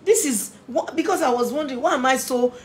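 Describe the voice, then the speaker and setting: A woman with a high voice talks fast as she gives an impassioned parenting talk as a family therapist and inspirational speaker. Her manner is earnest, emotional, and pleading, with phrases often repeated for emphasis.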